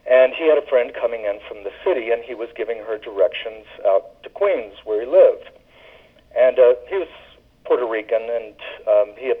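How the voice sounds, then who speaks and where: Man telling stories over the phone. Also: fairly low pitch. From Southern US. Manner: rambling anecdotes, frequent ums and uhs. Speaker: caller, former flight attendant. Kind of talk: casual storytelling. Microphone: telephone. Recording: tinny phone line.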